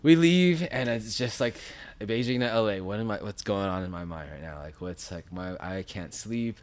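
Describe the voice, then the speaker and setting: Animated low-voiced man telling a story. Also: moderate pace. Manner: animated, full of filler and acted-out quotes. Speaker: podcast guest. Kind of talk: casual storytelling.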